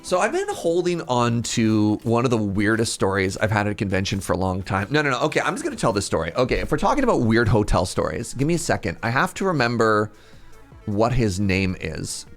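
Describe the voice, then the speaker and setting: Lively Canadian storyteller man. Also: fairly low pitch, fairly quick, soft background music. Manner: animated storytelling, laughing often. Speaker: streamer. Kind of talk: casual live-stream chat.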